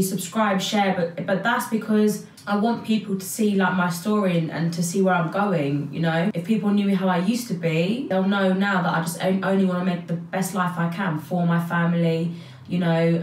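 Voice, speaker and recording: A young woman talks straight to camera about her family, chatty and open, her voice on the lower side. She sits back from the mic in an echoey room. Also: a little mellow, distant mic. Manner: chatty, emotional, says "like" a lot. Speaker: vlogger. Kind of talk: personal vlog talk to camera.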